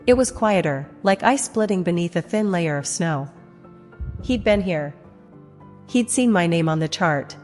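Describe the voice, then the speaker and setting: A woman narrating a first-person dramatic story in a measured voice with heavy pauses. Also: lowish voice. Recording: long reverb, music behind.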